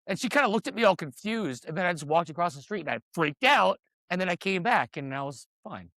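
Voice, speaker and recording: Male co-host, higher voice that jumps around, dry sound, storyteller. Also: fast, dry recording. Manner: animated storyteller, acts out quotes. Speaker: podcast co-host. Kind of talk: casual chat.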